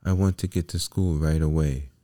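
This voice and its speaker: A man's voice: extremely low pitch, steady tone, moderate pace, mellow, no room sound, clean studio sound. A man voicing a wooden puppet boy who is eager and keeps fibbing, in a raised, pleading boyish voice. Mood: earnest.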